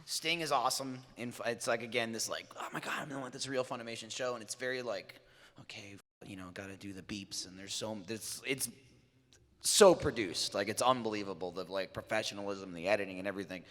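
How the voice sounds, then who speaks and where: A man's voice: on the low side, quick pace, fairly bright tone, long reverb tail. A man voice actor on a convention panel, joking loosely and full of fillers.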